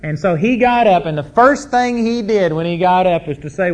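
A man's voice: high voice, normal speed, few pauses. A middle-aged man preaching a sermon, telling personal stories in a folksy, emphatic way. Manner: folksy, emphatic storytelling with rising intensity. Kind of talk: sermon storytelling.

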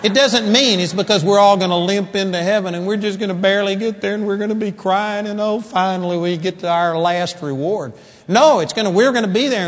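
A man preaching a sermon in a church hall, animated, moving from loud exclamations to quiet asides. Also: sits high. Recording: long hall reverb.

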